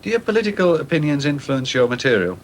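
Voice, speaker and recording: Lively male interviewer asking questions. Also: on the high side, fast talker.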